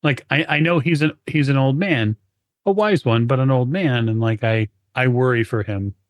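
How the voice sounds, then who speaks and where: A man playing a tabletop game, thinking out loud and weighing his options. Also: medium pitch, moderate pace, no room sound, clean studio sound. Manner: thoughtful, weighing options aloud. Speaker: player.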